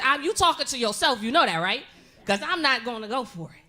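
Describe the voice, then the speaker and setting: A middle-aged woman performing a profane stand-up comedy set, telling stories loudly and animatedly. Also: sits high, brisk. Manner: profane, loud, animated storytelling with frequent laughs. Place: comedy club stage with live audience.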